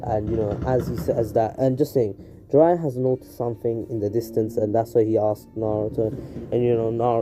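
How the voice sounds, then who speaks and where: A man's voice: mid-range voice, steady tone, a little fast, over music. A man casually narrating a fan-made story, rambling and full of fillers like "you know" and "anywho".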